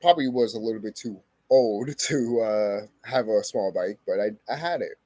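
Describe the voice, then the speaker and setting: A man's voice: on the low side, normal speed, darkish tone, no echo. A young man vlogging a heated personal story, swearing often and repeating himself for emphasis. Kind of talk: emotional personal storytelling to camera.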